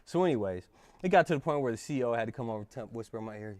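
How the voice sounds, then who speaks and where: A man telling a story as a podcast guest, animated and swearing freely in casual chat. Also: mid-range voice, very fast, no echo.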